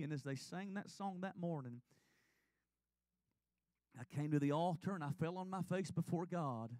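A man's voice: on the high side, moderate pace, pauses often, a little mellow, no echo. A man, preaching in church and telling his own testimony in an earnest, confessional way. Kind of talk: sermon testimony. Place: church sanctuary.

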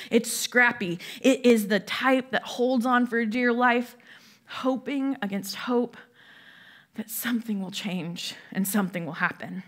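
A woman's voice: medium pitch, unhurried, pauses often, fairly bright tone. A woman pastor preaching a sermon in a conversational way, often asking the listeners questions. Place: church.

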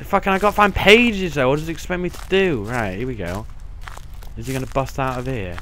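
A man's voice: medium pitch, brisk, fairly bright tone, a little hiss or hum. A young man playing a horror game, swearing constantly and breaking into panicky outbursts. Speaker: gaming channel host. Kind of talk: let's play commentary.

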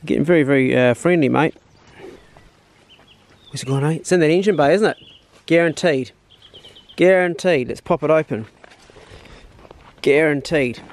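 A man's voice: a little high, normal speed, long pauses. A man, chatting casually and slangily in his hunting vlog, first out on a farm and then indoors. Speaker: hunting vlogger.

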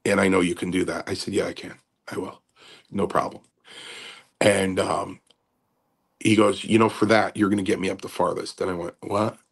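Gravelly low-voiced older man rambling. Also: flat delivery. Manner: halting, many fillers and repeats. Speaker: podcast host and former wrestler. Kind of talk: casual rambling talk.

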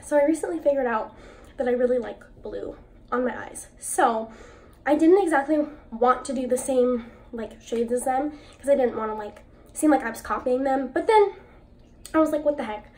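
Chatty high-voiced young woman vlogger. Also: moderate pace, darkish tone. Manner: chatty and enthusiastic, lots of "like" fillers. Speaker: beauty vlogger. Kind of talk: casual chat while swatching makeup.

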